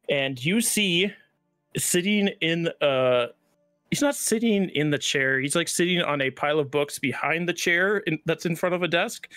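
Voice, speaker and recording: A man's voice: a little high, fairly bright tone, dry recording. A man narrating a tabletop game as game master, describing scenes loosely with many fillers.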